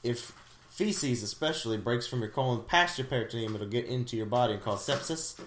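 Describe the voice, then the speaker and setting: A man's voice: medium pitch, brisk. A man from Florida co-hosting a podcast, chatting casually and joking around with a playful, bantering manner. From Florida, USA. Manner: playful, banters with a jokey drawl. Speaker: podcast co-host. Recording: echoey room.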